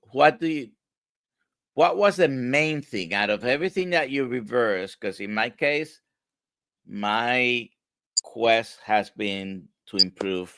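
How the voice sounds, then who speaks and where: A man with a Spanish accent hosts a livestream interview, his voice very deep and the delivery slow and halting. He often repeats a word before going on. The sound is bright and dry. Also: clear, resonant tone, no room sound. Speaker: host.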